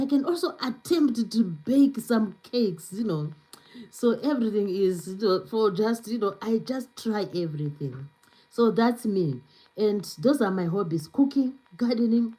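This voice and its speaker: A woman's voice: fairly high pitch, lively intonation, measured pace, dark tone, rough recording. A woman hosting a live stream in a casual, chatty way with lots of fillers, speaking English with an accent. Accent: non-native English accent. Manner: chatty, many fillers, reads viewer comments aloud. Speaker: livestream host.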